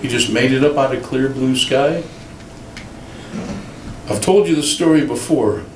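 A man, a pastor, preaching a sermon in an animated, storytelling way in a church. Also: mid-range voice, a little slow, slight background noise. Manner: animated storytelling with acted quotes. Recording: roomy church sound from a distant mic.

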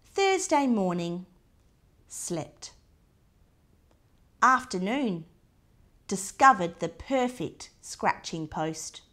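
A woman reading a picture book aloud to a child, in short diary entries with soft asides pointing things out. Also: mid-range voice, very animated, slow pace.

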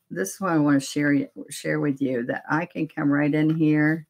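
A woman teaching painting in a live demonstration, talking through each step in a chatty way. Her voice sits low and stays fairly even in pitch. She speaks at a slow, unhurried pace. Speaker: painting instructor.

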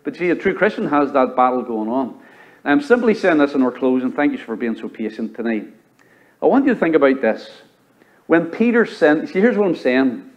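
A man with a Southern US accent preaching a sermon as pastor, rising to loud high exhortation and dropping to low, quiet emphasis. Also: sing-song, normal speed, dull audio. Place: church sanctuary.

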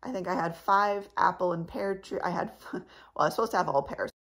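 A woman's voice: fairly low pitch, a little fast, a bit bright. A woman vlogger chatting casually to her viewers, rambling and laughing often, her voice a little cracked in the morning. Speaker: channel host. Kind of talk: casual chat to camera.

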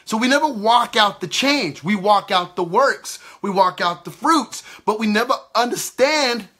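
A man's voice: high voice, animated, a little slow, sharp tone. A man giving an impassioned sermon, emphatic and repetitive, acting out the other side of quoted exchanges. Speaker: preacher.

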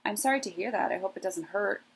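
A woman voicing a small brave mother mouse who speaks politely and earnestly, with a husky, gravelly voice. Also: medium pitch, fast talker.

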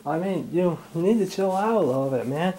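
A performer voicing a timid raccoon in a home comedy skit, talking low and hesitant with stammers. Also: animated, a little fast, dark tone, husky, low-quality recording. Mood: placating. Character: mellow timid raccoon named Mr. Grumpy.

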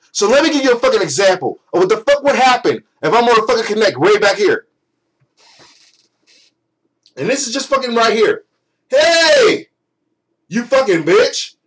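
A man's voice: sits high, expressive, quick pace, a bit bright, low-quality recording. A young man delivering an angry, profane, sarcastic rant as a gaming vlogger.

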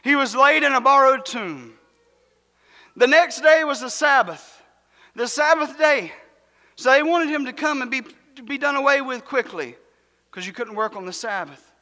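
A man delivers an emphatic, fervent sermon in a very high, bright and forceful voice. His words ring out with a long reverb from the church sanctuary around him. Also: normal speed. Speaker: preacher.

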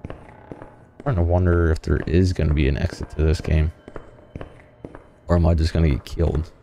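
A man's voice: a bass voice, steady tone, normal speed, creaky, dark tone, slight background noise. A man playing a horror game and commenting casually to himself, jumpy and a little nervous, sometimes reading in-game notes aloud. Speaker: gaming channel host.

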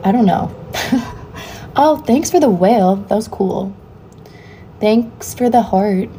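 Young woman livestreamer, mellow voice, casual comment-reading chat, faint hiss on a phone mic. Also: medium pitch, lively intonation, slow. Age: young adult. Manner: chatty, reads comments aloud and answers them offhandedly.

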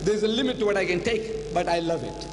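An older man addresses a live audience in a lecture hall, his voice sitting noticeably high. He tells his story dramatically, repeating phrases for weight. The sound carries a long hall reverb and a faint electrical hum. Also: expressive, quick pace. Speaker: public lecturer.

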